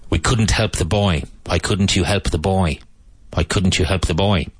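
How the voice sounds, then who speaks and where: A deep-voiced man with an Irish English accent leads a pronunciation lesson, saying each model sentence slowly and more than once. His voice is a little husky, and the recording is dry and close. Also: dry recording. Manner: slow, deliberate repetition of model sentences. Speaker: English teacher. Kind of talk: pronunciation drill lesson for Spanish speakers.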